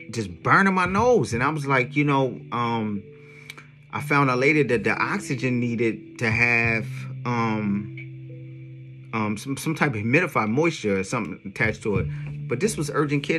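A man's voice: mid-range voice, normal speed, over music. A man telling his own story in a casual monologue, full of slang and emphatic asides. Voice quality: streetwise slang with frequent "yo" and profanity. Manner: animated, emphatic retelling. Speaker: songwriter vlogger.

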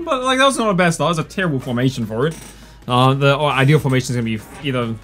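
Young guy narrating his game, sarcastic and fed up, jumps to excited yelps, faint music behind. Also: medium pitch. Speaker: gaming YouTuber. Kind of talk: casual gameplay commentary.

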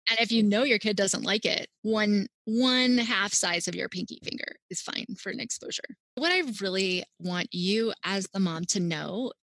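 A woman's voice: mid-range voice, moderate pace, few pauses, fairly bright tone, no echo. Woman guest, dietitian, chatty and encouraging, dry close sound. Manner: upbeat, advice-giving, uses "like" often. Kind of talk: casual podcast interview.

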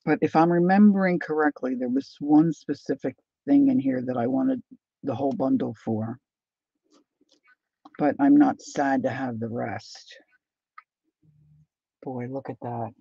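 A woman hosting a casual live chat with her viewers, talking them through things as she unpacks and sometimes dropping to a soft whisper. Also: rumbling low, a little slow, vocal fry, long pauses, slightly rough, dry recording, dull audio. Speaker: livestream host.

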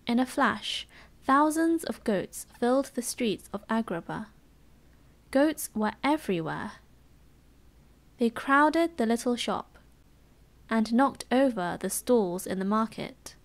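A British English woman narrates a storybook in gentle ASMR style. Her voice sits a little high and her pace is slow and measured. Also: animated. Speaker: storybook reader. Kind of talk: soft ASMR storybook reading.

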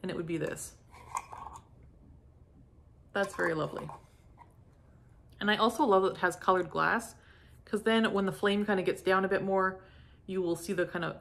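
A middle-aged woman from Canada chatting casually as she unboxes and sniffs candles, gushing softly and lingering over each scent. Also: lowish voice. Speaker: candle review vlogger. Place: home.

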